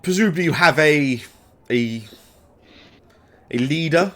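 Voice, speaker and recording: A man's voice: on the high side, expressive, measured pace, bright, forceful tone. A man voicing an older male royal advisor with thinning silver hair, speaking in a formal, courtly, falsely welcoming way.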